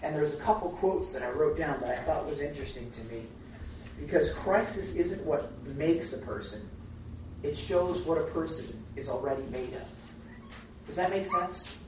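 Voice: mid-range voice, normal speed, a little mellow, a little hiss or hum. A Bible study teacher talking casually and animatedly to a group, often asking them questions. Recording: very echoey room, distant mic, dull sound.

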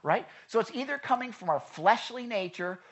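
A pastor preaching a sermon to a congregation, chatty and animated, acting out the people in the stories and asking the room questions. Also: mid-range voice, moderate pace, muffled recording. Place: church in front of a congregation.

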